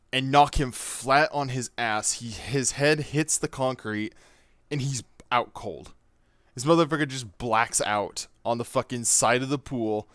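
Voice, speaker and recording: A man's voice: mid-range voice, fairly bright tone, no echo, clean studio sound. A man casually telling a personal story, rambling with lots of fillers and swearing. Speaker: gaming YouTuber.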